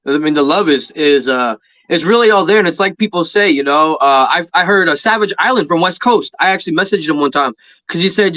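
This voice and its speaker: A man's voice: fairly high pitch, a little fast, pushed and bright. A man co-hosting a podcast, rambling loosely in casual chat with many fillers. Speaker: podcast co-host. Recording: dull lo-fi audio.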